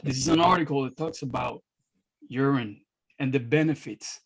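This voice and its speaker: A man from Miami, a guest on a podcast, explaining his views calmly and earnestly over a video call. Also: medium pitch, moderate pace, creaky. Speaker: guest astrologer. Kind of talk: casual podcast conversation.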